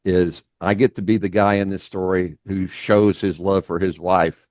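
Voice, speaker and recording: A man's voice: low-pitched, a little mellow, no echo. A man speaking with heartfelt earnestness as a presenter in a casual panel talk.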